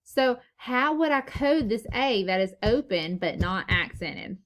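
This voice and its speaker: A woman teacher leading a phonics lesson for young children, slow and encouraging, sounding out words syllable by syllable. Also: on the high side, lively intonation, fairly bright tone. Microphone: recorded lesson video.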